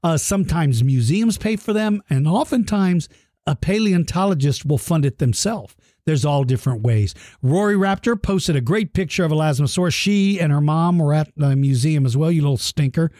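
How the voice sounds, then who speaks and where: A playful, animated man hosts a podcast for young dinosaur fans, with a fairly high voice. He reads out listener messages and teases the kids in a mock gruff way. The sound is dry and close. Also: normal speed, no room sound. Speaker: podcast host. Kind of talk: casual shout-outs to young listeners.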